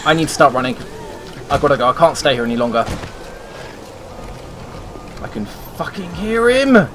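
A man's voice: fairly high pitch, sing-song, normal speed, fairly bright tone, slight background noise. A man playing a survival game, talking to himself and swearing constantly as he panics. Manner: swears a lot, talks to himself while playing. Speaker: gameplay streamer.

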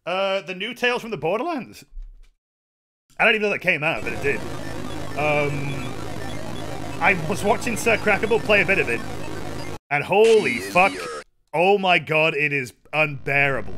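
A man chatting casually as he streams a game, excitable and quick to swear. His voice sits high and swings widely in pitch. Game music plays clearly behind him. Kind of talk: casual gameplay commentary.

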